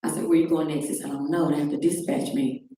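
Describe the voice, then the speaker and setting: Low-voiced woman in an echoey room. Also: little pitch movement, fast, dark tone. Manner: recounts events by acting out quoted phone calls. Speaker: guest. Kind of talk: personal testimony on a talk show. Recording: very echoey room, distant mic, faint noise.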